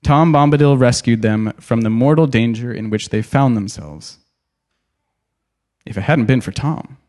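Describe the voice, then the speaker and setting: A man reading a novel aloud in an expressive, dramatic way, pausing to add his own comments. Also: medium pitch. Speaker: storyteller.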